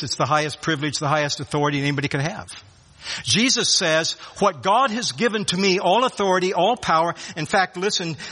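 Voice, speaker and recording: A man preaching a sermon, earnest and emphatic, dropping from loud declarations to hushed tones. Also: on the high side, husky. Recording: long hall reverb.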